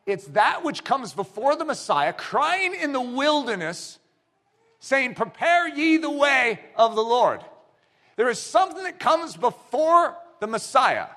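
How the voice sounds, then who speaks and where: A man delivers a sermon with a bright, fairly high voice. He swings widely in pitch as he tells a story and acts out the dialogue himself. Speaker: preacher.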